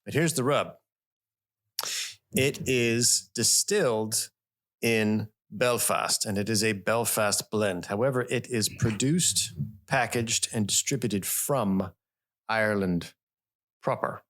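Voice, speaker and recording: A man's voice: on the low side, slow, a bit bright. A man hosting a podcast, chatting casually with playful, hammy introductions. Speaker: podcast host. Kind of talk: casual chat. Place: studio.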